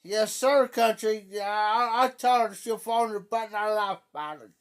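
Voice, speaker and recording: A middle-aged livestream host telling a story in a casual way, repeating phrases and acting out quoted speech loudly. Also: medium pitch, moderate pace, clear, resonant tone.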